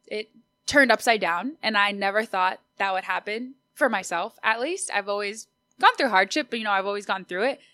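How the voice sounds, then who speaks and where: A woman's voice: fairly high pitch, bright, forceful tone, no room sound. A woman, whose was Spanish, hosting her own podcast in a bubbly, chatty, upbeat way. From Austin, Texas. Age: 20s. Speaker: podcast host. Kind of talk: solo podcast monologue.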